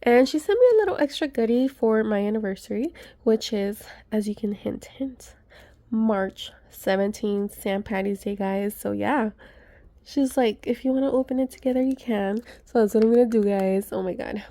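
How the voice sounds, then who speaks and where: A woman chatting excitedly to her viewers as she unboxes gifts, gushing and talking to her audience. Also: fairly high pitch, normal speed, dry recording. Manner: gushing, chatty, many gasps and asides to viewers. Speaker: vlogger.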